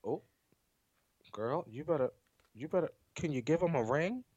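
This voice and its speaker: A woman co-hosting a podcast, teasing and encouraging in quick casual back-and-forth. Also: deep voice, lively intonation, mellow, slightly rough, no room sound. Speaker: podcast co-host. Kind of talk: casual chat. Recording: dull lo-fi sound.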